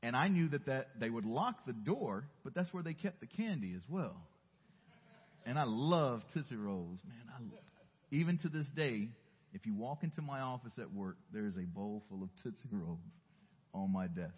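A man from the Southern US preaching a sermon, telling a personal story earnestly and dropping softly into reflective asides. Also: mid-range voice, expressive, moderate pace, breathy edge. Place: church sanctuary. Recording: muffled recording in a reverberant church hall.

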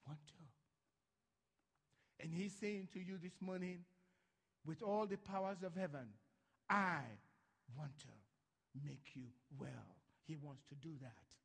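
High-voiced preacher in a reverberant church. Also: male voice, husky. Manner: swings from hushed to loud, acts out Bible voices. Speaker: pastor. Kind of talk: sermon.

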